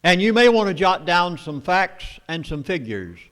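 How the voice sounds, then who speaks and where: A man with a Southern US accent lecturing an audience, emphatic and storytelling, with dramatic pauses. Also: sits high, big pitch swings, a bit bright. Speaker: speaker at a meeting. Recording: long hall reverb.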